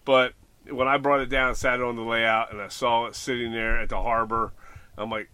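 A man's voice: mid-range voice, little pitch movement, fairly quick, pushed and bright, clean tone. A man in casual chat, rambling and self-deprecating, with plenty of fillers. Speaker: model railroad hobbyist podcast host.

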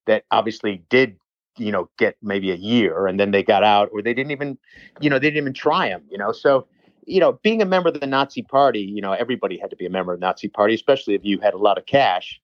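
A man's voice: lowish voice, fast talker, dry recording, dull audio. A man, a personal trainer, telling a long rambling story in casual chat with many restarts and asides.

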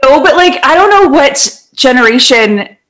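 A woman's voice: sits high, lively intonation, moderate pace, fairly bright tone. A woman co-hosting a podcast, chatting casually in a giggly, rambling way. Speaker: podcast co-host. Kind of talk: casual chat. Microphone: podcast studio microphone.

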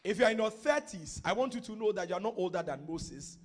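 Here a Ghanaian man gives a sermon as pastor, talking fast in a high, animated voice. He opens with quiet teaching from scripture and works up to shouted, fervent prophetic declarations.

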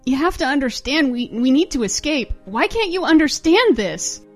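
Woman doing a scared young mother, high voice, anxious pleading, stammering, comedic parody dub. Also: big pitch swings, normal speed, faint music behind. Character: frightened young mother, held captive.

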